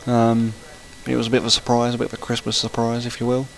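A man's voice: mid-range voice, completely flat delivery, fast, vocal fry, poor audio. A man giving casual let's-play commentary, rambling and chatty and breaking off to react to the game. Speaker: gaming channel host.

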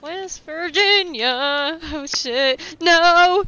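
A young adult woman streaming a game, talking to viewers and cursing and yelling at the game in frustration. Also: on the high side, expressive, a little slow, dull audio. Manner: swears and shouts at the game in frustration. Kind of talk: live game streaming chat.

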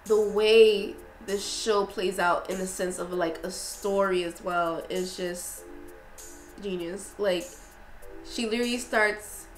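A young woman vlogging in a casual, effusive way, talking excitedly with lots of fillers and restarts. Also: medium pitch, slow pace, reverberant, soft background music, rough recording. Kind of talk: casual review vlog.

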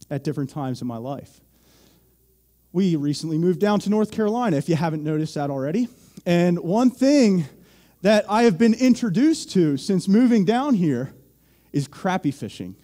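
A man's voice: high voice, warm tone. A young man from Pennsylvania preaching a sermon, telling a joking, self-deprecating story to the church. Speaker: pastor.

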